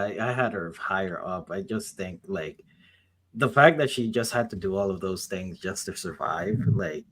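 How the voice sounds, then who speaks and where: A man's voice: low voice, fairly bright tone, husky. A man co-hosting a podcast in casual chat, thoughtful as he weighs his picks. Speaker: podcast co-host.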